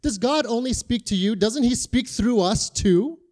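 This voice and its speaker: A man voicing an indignant, resentful older sister with a high, whiny complaint, as a quoted part of a sermon. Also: lively intonation, measured pace, a little mellow.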